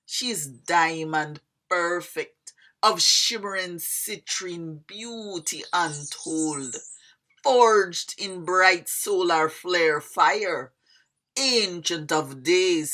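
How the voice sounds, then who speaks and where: A woman's voice: low-pitched, fairly bright tone. A woman reciting her own poem in a lyrical, sing-song way, drifting into a Jamaican lilt and lingering on line endings.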